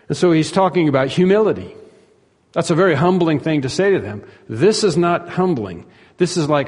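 Fairly high-voiced pastor guy preaching, emphatic, repeats words, long echo in a big hall. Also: expressive, fairly quick, darkish tone. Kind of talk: expository sermon.

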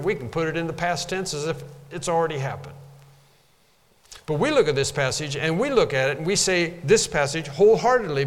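A man preaching a sermon with a slightly high voice that echoes through a large hall. He teaches from scripture in an emphatic way, lifting his voice on the words he stresses. The long reverb makes him sound as if he is heard from the pews. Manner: emphatic preaching, rising to stress key phrases. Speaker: pastor.

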